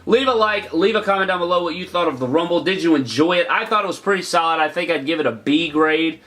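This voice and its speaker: A man's voice: fairly high pitch, fast, fairly bright tone. A young man hosting his own channel, giving a casual, opinionated wrestling review with plenty of fillers.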